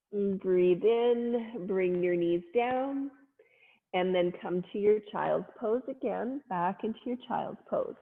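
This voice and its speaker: A woman leading a family yoga class, cueing poses gently and playfully with little animal sounds. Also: medium pitch. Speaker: yoga instructor. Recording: phone-like sound in a long-echo room.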